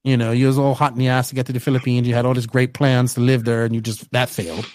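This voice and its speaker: A man's voice: mid-range voice, level tone, quick pace, a little mellow, no room sound. A man from Bermuda, casually rambling through his own story in an interview and often tagging his sentences with "right?". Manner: rambling, tags lines with "right?". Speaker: podcast host telling his story.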